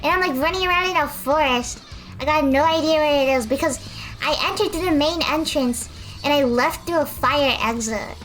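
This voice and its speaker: High-voiced chatty woman streamer. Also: normal speed, fairly bright tone. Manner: chatty, self-deprecating, rambling storyteller. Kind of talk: casual stream chat while painting.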